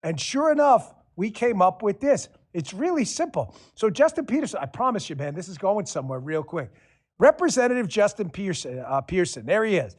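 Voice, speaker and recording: Animated, high-pitched sarcastic male host. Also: a little fast. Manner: sarcastic, combative, swears freely. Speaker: show host. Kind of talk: political talk show monologue.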